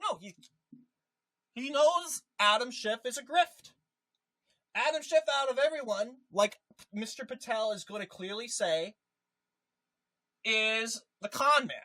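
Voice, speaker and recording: A political commentator ranting in an animated, emphatic way, often repeating a point for effect. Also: mid-range voice, a little slow, long pauses, low-quality recording.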